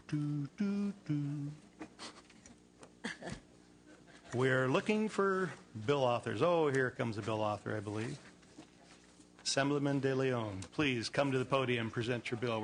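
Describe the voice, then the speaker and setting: A man chairing a legislative committee hearing, relaxed and lightly joking as he moves items along. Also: medium pitch, moderate pace, slight background noise.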